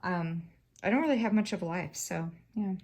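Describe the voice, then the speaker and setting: A woman's voice: on the low side, animated, moderate pace, a little mellow. A woman, chatting casually to a camera on a stand while she crafts, rambling and swearing freely. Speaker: craft vlogger.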